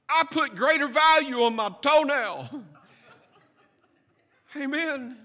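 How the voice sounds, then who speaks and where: A middle-aged pastor preaches with a notably high, bright voice, mixing humor and stories into his sermon. He checks in with his listeners as he goes. His voice rings out through a long, reverberant church hall. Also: expressive, slow, long pauses. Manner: humorous storytelling with asides to the congregation.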